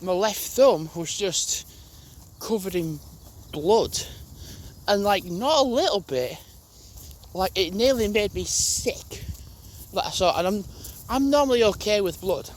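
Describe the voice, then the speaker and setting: A man's voice: high-pitched, slight background noise. A young man, casually telling a story to camera, rambling, restarting and swearing as he goes. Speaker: gaming channel host.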